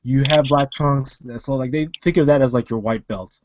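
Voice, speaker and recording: A man's voice: mid-range voice, moderate pace, darkish tone, no echo, dull audio. A man co-hosting a casual wrestling podcast over an online call, rambling with many fillers and restarts. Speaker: podcast co-host.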